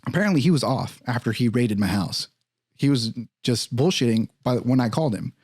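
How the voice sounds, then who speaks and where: A young man in casual podcast talk, telling a personal story in a profane, animated way and acting out the other people's lines. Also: mid-range voice, fairly quick, breathy edge, dry recording, clean studio sound. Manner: profane, animated, acts out quoted voices.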